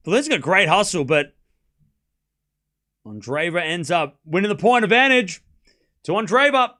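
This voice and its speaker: Bright-voiced Australian man calling tennis. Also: sits high, very animated, moderate pace, long pauses. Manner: chatty, reads chat aloud, laughs often. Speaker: streamer and tennis commentator. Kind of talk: casual live watchalong commentary.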